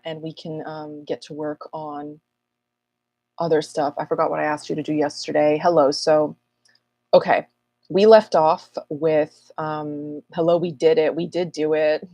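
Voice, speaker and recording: A woman astrologer hosting a casual live Q&A, chatty and rambling with self-mocking asides, her voice a little husky this morning. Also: low voice, mellow, no echo. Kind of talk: casual livestream chat.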